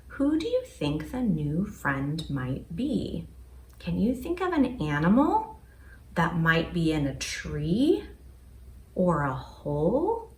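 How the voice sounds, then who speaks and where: Animated kindergarten teacher, woman. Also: mid-range voice, recorded from a distance. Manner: animated, encouraging, talks to children. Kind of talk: read-aloud reading lesson. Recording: roomy echo with faint hum.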